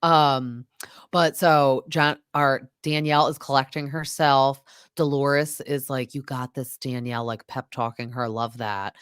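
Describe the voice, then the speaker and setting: A woman's voice: rumbling low, fairly even intonation, slow, clean tone, no echo, clean studio sound. A woman hosting a podcast, chatting casually and animatedly as she recaps a reality show and acts out quotes. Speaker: podcast host.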